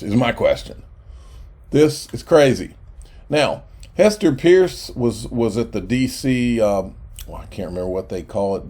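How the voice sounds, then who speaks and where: A man's voice: medium pitch, mellow. A man hosting a crypto channel, talking casually and sarcastically to viewers, indignant and often restarting his sentences.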